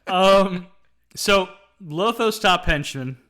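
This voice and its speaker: A man co-hosting a casual film review podcast, retelling scenes in an animated way and acting out the movie's lines. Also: high voice, slow pace. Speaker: podcast co-host.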